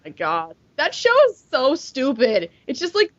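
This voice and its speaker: A young woman co-hosting a podcast, chatting casually and tossing in quick jokes. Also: high voice, big pitch swings, no room sound. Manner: quick joking quips. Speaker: podcast co-host. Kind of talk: casual chat. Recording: dry, muffled lo-fi audio.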